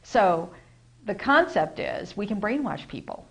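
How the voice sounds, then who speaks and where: An American woman musing in a casual, rambling talk, with lots of fillers and self-corrections, who gets animated when she makes a point. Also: medium pitch, measured pace, breathy edge, rough recording. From United States. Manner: acts out quoted voices, gets animated when emphasizing. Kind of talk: casual spoken reflection.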